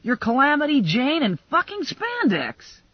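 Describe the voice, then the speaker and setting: A woman putting on a gruff, teasing male cop. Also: high-pitched, huge pitch swings, measured pace, no room sound, voice pushed up, heavily acted. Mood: exasperated. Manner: blunt, teasing, exasperated. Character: gruff wisecracking male cop, lower-voiced. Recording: dull lo-fi dry recording.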